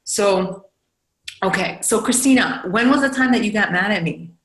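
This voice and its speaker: A woman's voice: mid-range voice, normal speed, fairly bright tone, echoey room, rough recording. A woman leading a team coaching call, talking frankly and encouragingly in a casual, chatty way. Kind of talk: casual motivational talk.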